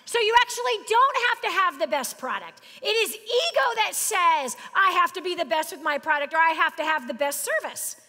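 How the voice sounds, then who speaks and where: A middle-aged woman speaks from the stage with a high, bright voice that carries. She talks to the audience in an animated, joking way, and her words ring out with the long reverb of a big hall. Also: brisk, few pauses. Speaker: business speaker. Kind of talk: live seminar talk.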